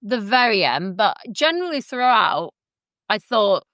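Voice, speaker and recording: A woman co-hosting a podcast, chatting casually with quick reactions and some teasing. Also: medium pitch, big pitch swings, a bit bright, dry recording, studio quality. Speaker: podcast co-host. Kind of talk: casual chat.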